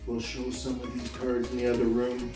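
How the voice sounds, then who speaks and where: A man gushing excitedly in a casual vlog as a sports card collector, with sudden bursts of shouting. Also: medium pitch, normal speed. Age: 30s. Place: room at home. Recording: roomy echo, mic at a distance, faint music.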